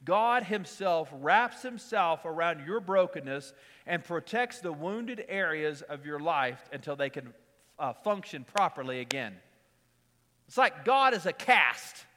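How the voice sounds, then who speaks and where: A middle-aged man preaching a sermon in a conversational way, repeating key lines and telling quick personal stories. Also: on the high side, animated, bright, forceful tone, long reverb tail. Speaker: pastor.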